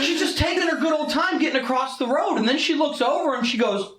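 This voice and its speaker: A man co-hosting a casual podcast, telling profane, animated stories about driving and his daughter. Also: very high voice, fast talker, roomy sound, noisy background. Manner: profane, animated storytelling with laughs. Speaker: podcast co-host. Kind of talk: casual chat.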